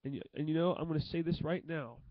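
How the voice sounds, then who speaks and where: Young guy vlogging, kinda high voice, stumbles and repeats himself a lot, dry muffled sound. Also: dry recording. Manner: halting, repeats phrases and restarts often. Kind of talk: emotional tribute monologue to camera.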